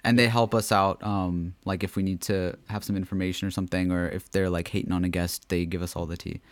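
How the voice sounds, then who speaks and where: A man's voice: deep voice, level tone, quick pace, dry recording. A young man co-hosting a podcast, joking around and laughing often. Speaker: podcast co-host. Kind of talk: casual podcast chat.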